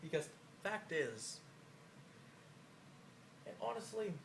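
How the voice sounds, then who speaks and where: A man delivers a taunting, profane wrestling promo, his boastful voice riding high and swinging widely in pitch. His voice sounds a bit worn. It is recorded in an echoey room with a faint hum of ambience behind him. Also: big pitch swings, takes it slowly, creaky, fairly bright tone. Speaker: e-federation wrestler cutting a promo. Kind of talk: trash-talking wrestling promo.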